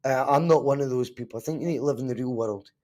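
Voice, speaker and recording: A Scottish man hosting a live football watch-along podcast, chatting casually, reacting to the match and the chat with animated, sometimes sweary remarks. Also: medium pitch, quick pace. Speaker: podcast host.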